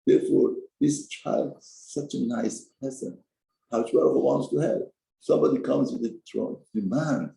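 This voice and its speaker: A man giving a Torah class, telling a story with lively emphasis and broken English phrasing. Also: mid-range voice, moderate pace, vocal fry, echoey room, poor audio. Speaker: Torah teacher. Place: study hall.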